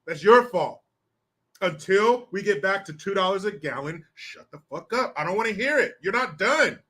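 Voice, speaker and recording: Animated and speaking at normal speed, this American commentator has a high, bright, forceful voice. He delivers sarcastic, combative political rants laced with swearing, throwing questions at his audience and reading out their comments in between.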